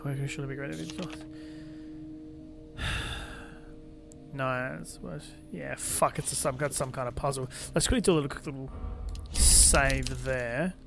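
A man's voice: medium pitch, fairly even intonation, normal speed, creaky, over music. A young man swearing his way through a horror game playthrough, commenting as he plays and yelping when startled. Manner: heavy swearing, jumpy loud outbursts when startled. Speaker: let's play gamer.

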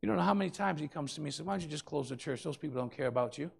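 A man preaching a sermon as pastor, swinging between loud and soft and calling out to the congregation. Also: on the high side, animated, very fast, gravelly, breathy edge.

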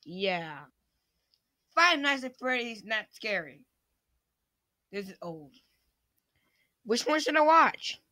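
A man hosting a casual reaction video, excitable and often stumbling over and repeating his words. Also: very high voice, slow pace, long pauses, no room sound, clean studio sound.

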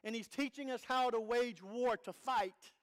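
High-voiced preacher giving an earnest sermon. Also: male voice, measured pace. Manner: earnest, conversational preaching with rhetorical questions. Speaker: pastor.

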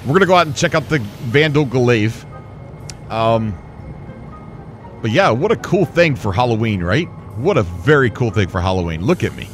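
A man hosting a gaming channel who gives casual gameplay commentary, excitable and rambling and often laughing. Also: mid-range voice, moderate pace, faint music behind.

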